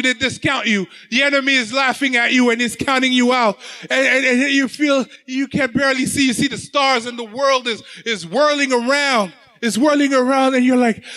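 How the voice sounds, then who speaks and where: A man preaching a sermon, telling it like a dramatic story, often repeating words, rising to shouts and dropping very low. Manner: voice rises to shouts and drops very low.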